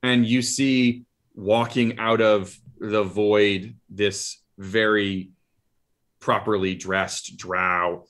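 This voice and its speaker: A man narrating as dungeon master of a tabletop game, describing scenes in a halting way full of fillers and restarts. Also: fairly low pitch, fairly even intonation, fairly bright tone.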